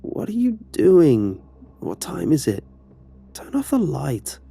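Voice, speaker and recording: A man voicing a groggy, suspicious middle-aged mother in a horror story reading, raising his voice for her slow, sleepy questions. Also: mid-range voice, very animated, dark tone, breathy edge, pitched above the performer's own voice.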